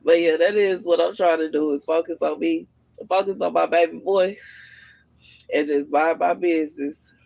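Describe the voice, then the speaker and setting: A woman's voice: deep voice, fairly even intonation, normal speed, vocal fry, a little mellow, no room sound, low-quality recording. A woman chatting casually on a livestream. She vents in an exasperated way and rambles, often repeating a filler phrase as she talks. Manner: rambling, repeats "you know what I'm saying"; venting, exasperated. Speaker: livestream host.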